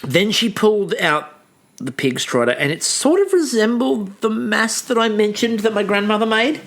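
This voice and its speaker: A man co-hosting a casual comedy recap, telling stories in an animated, ranting way. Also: sits high, moderate pace, gravelly. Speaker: podcast co-host.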